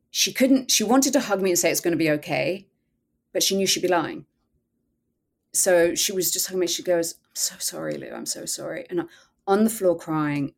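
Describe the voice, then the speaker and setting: A woman's voice: lowish voice, darkish tone. A woman guest telling a personal story in a podcast interview, earnest and candid, often quoting her own thoughts.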